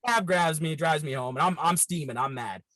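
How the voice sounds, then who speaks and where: In a dry, poor-quality recording, a Canadian comedian in his thirties guests on a casual chat, telling a wild, profane party story. His voice runs on the high side and his pace is brisk, animated and full of rambling anecdotes.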